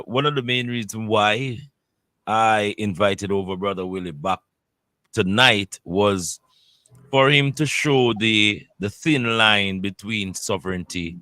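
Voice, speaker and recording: A man hosting an online workshop, speaking in a measured way with frequent fillers. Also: on the low side, sharp tone, no echo. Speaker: workshop host.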